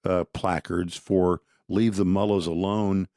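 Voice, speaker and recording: A man's voice: sits low, little pitch movement, unhurried, warm tone, no echo, clean studio sound. A man co-hosting a podcast, talking politics casually and with strong opinions, often restarting his sentences. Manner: conversational, opinionated, frequent restarts. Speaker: podcast co-host.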